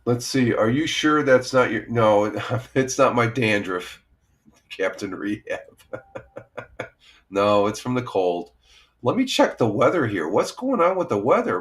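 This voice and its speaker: A man's voice: medium pitch, big pitch swings, measured pace. A middle-aged man with a cold, hosting a casual morning live stream from home, rambling with lots of fillers and small laughs. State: has a cold. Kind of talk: casual chat reading viewer comments. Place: home, by a window.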